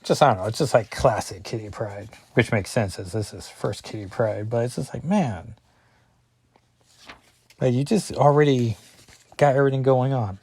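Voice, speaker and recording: A man's voice: medium pitch, a little mellow, husky. A man reviewing a comic book, chatting casually and reading the dialogue aloud. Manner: rambling, chatty, many fillers and asides; reads dialogue in quick plain voices.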